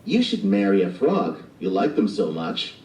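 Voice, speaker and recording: A man voicing a teasing schoolkid friend in a storybook reading, speaking slowly and mockingly. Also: on the low side, wildly swooping pitch, a little mellow, slight background noise. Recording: roomy, distant playback of an audiobook.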